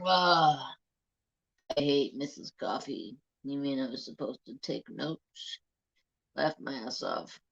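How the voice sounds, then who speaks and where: A man's voice: medium pitch, expressive, takes it slowly, vocal fry, a bit bright, muffled recording. A man hosting a crafting live stream, telling stories in casual, profane chat. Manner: chatty, profane storyteller.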